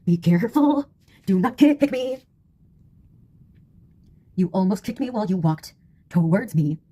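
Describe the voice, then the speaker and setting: A woman's voice: a little high, mellow. A woman voicing an unhinged female villain who taunts and goads a giant, swearing and breaking into singsong. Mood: bossy. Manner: erratic, swearing, singsong outbursts.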